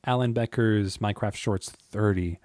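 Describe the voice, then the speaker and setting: A young man with a deep voice, rambling casually to camera with many fillers and frequent chuckles. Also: moderate pace, a little mellow, dry recording, clean studio sound. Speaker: channel host. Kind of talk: casual monologue.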